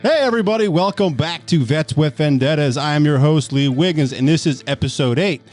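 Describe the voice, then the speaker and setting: A man's voice: on the high side, fairly quick, a little mellow, faint music behind. A young man hosting a casual podcast, introducing his co-hosts and reacting with laughs and swearing. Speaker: podcast host. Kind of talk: casual profane chat.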